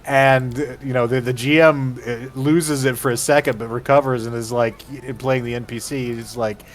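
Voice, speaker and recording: A man's voice: mid-range voice, moderate pace. A man co-hosting a livestream, eagerly retelling a memorable scene in casual chat. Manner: animated storyteller, recounts scenes with acted quotes. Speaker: livestream co-host.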